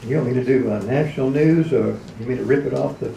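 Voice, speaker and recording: A man's voice: mid-range voice, fast talker, gravelly, mellow, a little hiss or hum. A man telling folksy, chuckling stories at a live event and slipping into character voices now and then. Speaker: radio personality telling stories. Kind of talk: anecdotal storytelling at a live event. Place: event hall. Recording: echoey room, recorded from far off.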